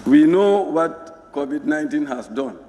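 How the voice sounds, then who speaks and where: A man addresses parliament slowly and formally, choosing each word with care. His voice is mellow and dark. The hall carries a long reverb around him. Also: on the high side, animated. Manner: measured, formal. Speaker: member of parliament. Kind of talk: parliamentary speech. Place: parliament chamber.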